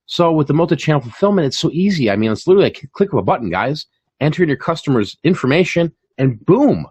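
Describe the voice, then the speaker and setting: A man's voice: a little high, big pitch swings, fast talker, darkish tone, breathy edge, no room sound. A man hosting a casual chat about online reselling, talking in a chatty way with many fillers and repeated words. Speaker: channel host and online reseller. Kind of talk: casual chat on a live stream.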